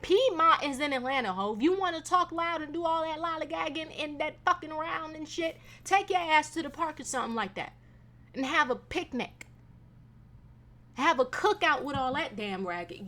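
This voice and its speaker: A young woman hosting a casual solo podcast, venting in a profane, animated way with sudden loud bursts. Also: high voice, moderate pace. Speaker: podcast host.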